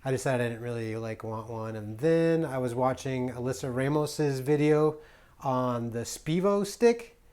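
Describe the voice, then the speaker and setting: Speaking to camera in a casual vlog, a US travel vlogger rambles in a playful way, constantly restarting and dropping ums and other fillers. His mid-range voice is clean and a little mellow, moving at a measured pace.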